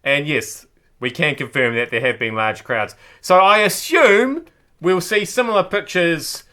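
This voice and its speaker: A bright, forceful man's voice with a New Zealand accent, sitting a bit high for a man. He hosts a comic run through the news and talks sarcastically and playfully, breaking into sudden squeaky outbursts. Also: measured pace. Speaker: host. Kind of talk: comedic news commentary.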